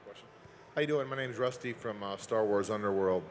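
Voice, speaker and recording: Friendly, hesitant low-voiced fan. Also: male voice, fairly quick, a little hiss or hum. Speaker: audience questioner. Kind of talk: audience question. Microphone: handheld audience mic.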